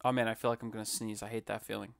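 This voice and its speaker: A man's voice: lowish voice, level tone, racing, gravelly, a bit bright, dry recording. A man casually commenting while building on a live stream, joking and rambling with self-mocking asides.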